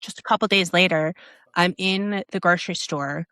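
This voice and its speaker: A woman's voice: on the low side, normal speed, sharp tone, clear, resonant tone, no room sound, clean studio sound. A woman telling a personal story as a podcast guest, animating it by acting out other people's lines and her own reactions, in a casual, restart-filled way. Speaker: podcast guest, app founder.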